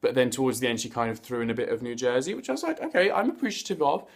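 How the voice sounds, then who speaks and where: This host of a reality TV review vlog speaks very fast in a mid-range, sing-song voice with a darkish tone. Chatty and playful, he tosses in campy slang and asides, tripping over words now and then.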